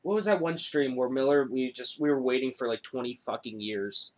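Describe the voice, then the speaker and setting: A man's voice: mid-range voice, brisk, a little hiss or hum. A man co-hosting a gaming podcast, joking around casually and swearing freely. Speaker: podcast co-host and streamer. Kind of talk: casual chat.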